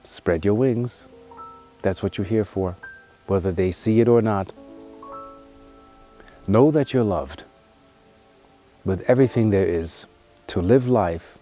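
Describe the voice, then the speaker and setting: A man giving an earnest spiritual monologue as a wellness vlogger, emphatic and heartfelt, moving between loud pushes and hushed, soft passages. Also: lowish voice, takes it slowly, long pauses, soft background music.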